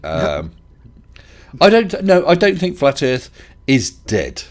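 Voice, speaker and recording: A man's voice: mid-range voice, huge pitch swings, slow. A man hosting a casual live stream chat, talking in a hesitant, chatty way with restarts and chuckles. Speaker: livestream host.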